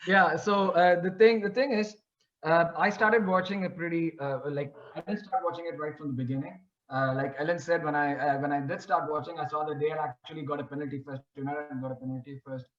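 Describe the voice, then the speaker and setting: A man's voice: on the high side, fairly quick, roomy sound, dull audio. A man co-hosting a football podcast, talking casually and eagerly, often restarting his sentences. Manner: animated, stammering restarts. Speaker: podcast co-host.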